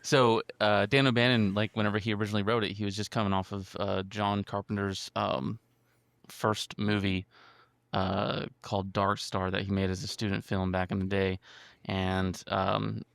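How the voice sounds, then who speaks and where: A man's voice: fairly low pitch, flat delivery, moderate pace, creaky, fairly bright tone, no room sound. A man co-hosting a podcast, rambling casually and stumbling over names. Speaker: podcast co-host. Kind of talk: casual chat.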